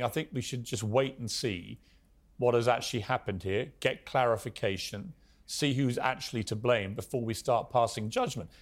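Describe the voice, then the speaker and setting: A man with a British accent hosting a TV talk show, giving a pointed, indignant opinion monologue full of rhetorical questions, then questioning a guest. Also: medium pitch.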